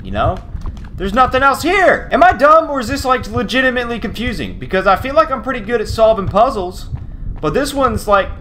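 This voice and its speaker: A man giving loose, profane commentary while playing a horror game, often yelping and laughing when something startles him. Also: sits high. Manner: excitable, swears a lot, yelps when startled. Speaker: gaming YouTuber.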